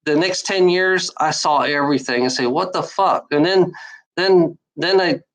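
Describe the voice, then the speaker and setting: A woman's voice: low-pitched, moderate pace, rough recording. Woman in her 40s ranting about life, loops back on herself a lot, swears constantly, tired and bitter. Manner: rambling, repetitive, swears a lot; bitter, worn-out. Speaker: vlogger giving life advice. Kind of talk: casual monologue.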